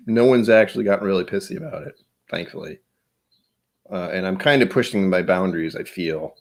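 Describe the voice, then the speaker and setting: A man's voice: low voice, a little mellow. A man hosting a casual livestream, rambling and chatty with frequent laughs, his voice a bit tired. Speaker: livestream host.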